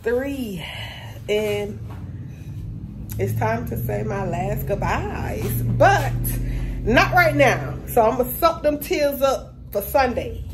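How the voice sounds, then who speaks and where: A woman hairstylist talking casually and emotionally to her vlog viewers from her salon, chatty and slangy, calling them y'all. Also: a little high. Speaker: hairstylist and vlogger. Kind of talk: casual vlog talk to camera. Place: her salon shop, indoors. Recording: noticeable background noise.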